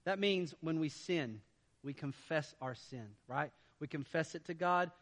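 A man delivers a sermon in a high, ringing voice. He moves from quiet, conversational asides to loud, emphatic declarations, preaching with conviction. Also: a little slow, big-room sound. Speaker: pastor.

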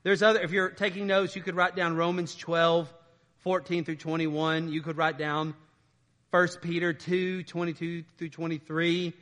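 Guy giving a chatty sermon, keeps saying right?, kinda high voice, long reverb like a church. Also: little pitch movement, normal speed, fairly bright tone. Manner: informal, asks "right?" often. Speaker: pastor. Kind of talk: conversational sermon.

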